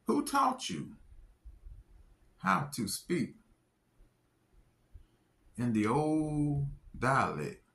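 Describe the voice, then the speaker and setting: A man voicing a surprised female doctor, asking slow, astonished questions in a raised pitch. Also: wildly swooping pitch, vocal fry, a bit bright, exaggerated voice. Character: surprised female doctor, middle-aged woman.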